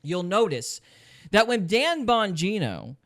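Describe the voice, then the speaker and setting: A man with a fairly high voice hosts a podcast, reacting to a clip in casual chat. He talks with sarcasm and swoops all over his range to stress a point. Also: takes it slowly. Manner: animated, sarcastic, swings pitch widely for emphasis. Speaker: podcast host.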